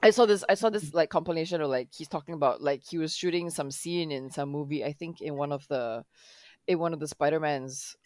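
A woman's voice: deep voice, fairly quick, a little mellow, no room sound. A woman from the Balkans in casual podcast chat, telling stories animatedly and slipping into put-on voices.

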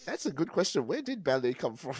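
A man in casual podcast chat, telling anecdotes in a relaxed way and swearing freely. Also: a little high, quick pace, breathy edge, dry recording, clean studio sound.

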